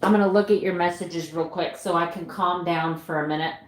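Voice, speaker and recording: A middle-aged woman vlogs live in a reverberant space, speaking a little fast in a lowish voice with fairly even intonation. Earnest and openly emotional, she sighs often, uses fillers, and warmly greets viewers while reading their messages.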